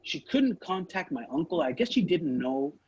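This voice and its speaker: A man's voice: on the high side, very animated, moderate pace, a little mellow, breathy edge, dry recording, lo-fi sound. A man co-hosting a podcast, telling a story in casual chat, swearing freely and acting out his relatives' lines. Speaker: podcast co-host.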